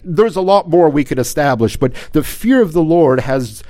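A man's voice: on the high side, lively intonation, normal speed, a little mellow. A man preaching a sermon, often stumbling into repeated words and asking his listeners rhetorical questions. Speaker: pastor.

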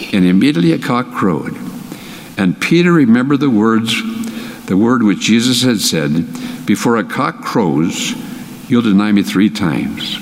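Animated Bible teacher with a Minnesota accent. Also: male voice, a little slow, in a large hall. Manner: animated, emphatic, with sudden pitch leaps. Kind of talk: Bible study lecture.

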